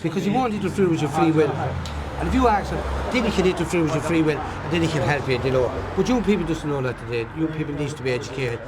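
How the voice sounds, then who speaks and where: A man's voice: a little high, lively intonation, quick pace, hardly any pauses, very noisy. A man with an Irish accent, giving an earnest, rambling personal testimony and repeating himself as he tells stories. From Ireland. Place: outdoors at a pilgrimage site.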